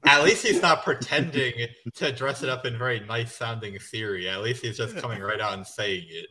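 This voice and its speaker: Bright-voiced wry man. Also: mid-range voice, normal speed, slight background noise, low-quality recording. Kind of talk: casual political chat.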